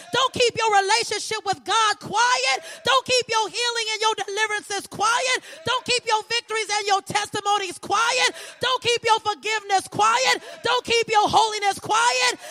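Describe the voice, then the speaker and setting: A woman preaching an impassioned sermon, building repeated lines into ringing shouts. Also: very high-pitched, measured pace, few pauses. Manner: rhythmic repetition, building to shouts.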